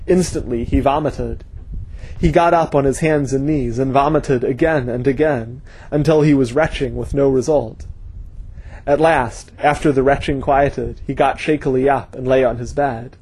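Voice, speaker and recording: A man reading a story aloud as narrator in a steady, measured way. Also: medium pitch, breathy edge, poor audio. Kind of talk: audiobook reading.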